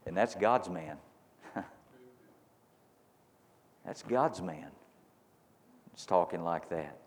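A man's voice: deep voice, lively intonation, drawn-out words. A man preaching a sermon as pastor to his congregation, firing repeated rhetorical questions that build to emphatic peaks. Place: church sanctuary. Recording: long reverb of a large hall.

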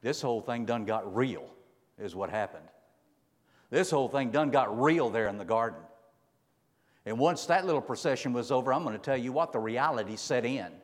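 A man's voice: medium pitch, lively intonation, moderate pace, long reverb tail. A man preaching a folksy, emphatic sermon. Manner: folksy, emphatic, dramatic swings in loudness.

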